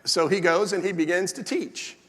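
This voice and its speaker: A male pastor with a strikingly high voice delivers a sermon in an animated storytelling manner. His words ring out with a long reverb from a large church hall. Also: moderate pace. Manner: animated storytelling with acted asides.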